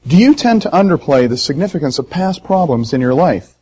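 Lively, emotional man preaching a sermon. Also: on the high side, fairly quick, slightly rough, rough recording. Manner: emotional, emphatic preaching with sharp swings in loudness. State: hoarse. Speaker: pastor.

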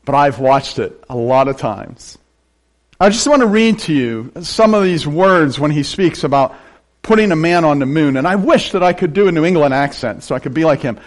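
An older male pastor from western Pennsylvania delivers a sermon. His voice sits slightly high and leaps around expressively as he drives points home. He breaks into quick, joking asides between his points. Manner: animated preaching with joking asides.

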